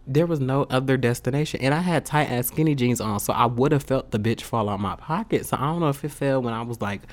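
A young man venting in a casual storytime rant, heated and full of slang and swearing. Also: medium pitch. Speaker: vlogger.

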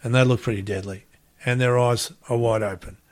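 A man's voice: mid-range voice, steady tone, brisk, darkish tone. A middle-aged man with an Australian accent, telling a rambling anecdote as an interview guest and acting out the quotes.

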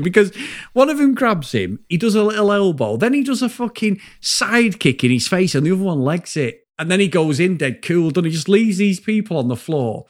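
A man co-hosting a podcast, chatting casually about a film in a rambling, sweary, animated way. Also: sits high. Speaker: podcast co-host. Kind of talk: casual film review chat.

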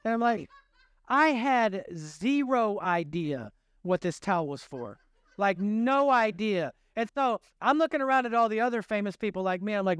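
A man with a high, smooth, resonant voice preaches a sermon, recorded close and dry. He tells stories with self-deprecating humor and acts out little conversations, speeding up and slowing down as he goes. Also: dry recording. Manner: animated, shifting pace. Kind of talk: storytelling sermon.

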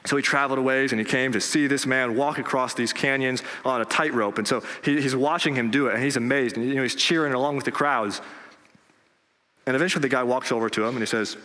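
Earnest preacher in a reverberant hall. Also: male voice, fast, pushed and bright. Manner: earnest preaching, rising for emphasis, drops low on key words. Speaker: pastor. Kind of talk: sermon. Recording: long reverb of a large hall.

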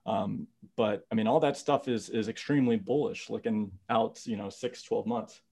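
A man's voice: lowish voice, steady tone, normal speed, gravelly, darkish tone. A man appearing as a guest market strategist on a podcast, talking in a rambling casual way full of fillers and restarts. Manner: rambling, many fillers, restarts and "you know"s. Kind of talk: casual interview chat.

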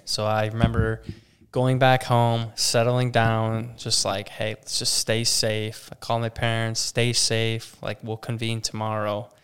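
A young adult man, a campground operations manager, speaks unhurriedly in a fairly low, clear, resonant voice while telling a story in conversation. He animatedly acts out what others said in quoted voices, with lots of "like"s.

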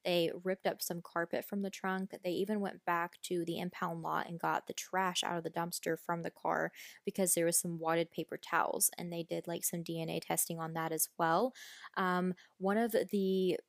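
A woman's voice: fairly low pitch, little pitch movement, moderate pace, gravelly, dry recording, studio quality. A woman hosting a casual true-crime podcast, telling the story bluntly with swearing and indignant asides. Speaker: podcast host.

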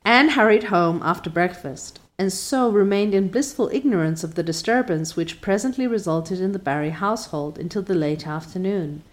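A woman narrating a classic storybook in a measured, expressive way. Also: fairly low pitch. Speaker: audiobook narrator.

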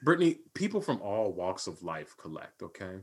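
A man's voice: low voice, normal speed, slightly rough. A man co-hosting a podcast, ranting in casual banter with mock outrage. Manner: animated, mock-outraged ranting about collecting. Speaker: podcast co-host.

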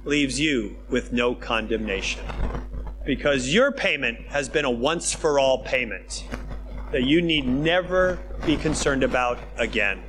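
A man preaching a sermon in a conversational, emphatic way, dropping to hushed tones and then rising with excitement. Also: mid-range voice, measured pace, noisy background. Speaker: pastor.

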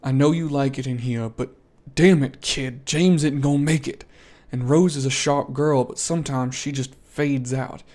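A man voicing a weary, gruff older uncle who hunts monsters, in a tabletop game. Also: medium pitch, fairly even intonation, moderate pace, a little mellow, natural voice. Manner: tired, gruff, worn-down.

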